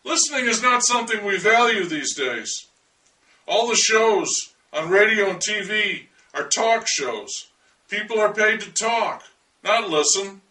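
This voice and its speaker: An actor playing an earnest, eccentric man devoted to listening for alien life, confiding in a wry, deliberate monologue. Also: sits high, animated, bright, forceful tone, distant mic, heavily acted, poor audio.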